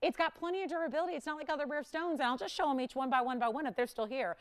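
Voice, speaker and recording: A woman hosting a live jewelry shopping broadcast, pitching pieces in a rapid, upbeat sales patter. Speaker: shopping channel host.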